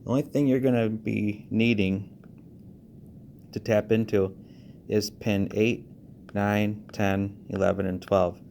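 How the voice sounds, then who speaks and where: Fast-talking man explaining car amp wiring. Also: lowish voice, fairly even intonation, gravelly, a little mellow, a little hiss or hum. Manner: talks fast, checks in with frequent okays. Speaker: car audio installer giving a tutorial. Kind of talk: casual screen-recorded how-to walkthrough.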